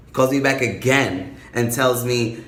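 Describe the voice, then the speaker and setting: Animated man vlogging in a roomy echo. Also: mid-range voice, a little slow. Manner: animated, profane, dramatic retelling. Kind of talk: casual storytelling vlog.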